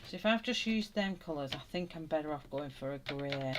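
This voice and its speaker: Speaking a bit quickly in a low voice with lively intonation, a woman chats her way through a live colouring stream at home. She laughs a lot and reads out viewer comments between strokes; the home recording is noisy, with pencil clicks.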